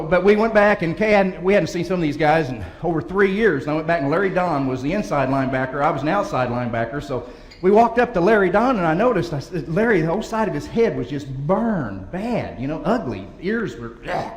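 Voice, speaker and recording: A man's voice: on the high side, expressive, brisk, slight background noise. A man giving a humorous banquet speech as a motivational speaker, telling folksy stories and chuckling often. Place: large banquet hall. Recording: echoey hall recording with faint ambience.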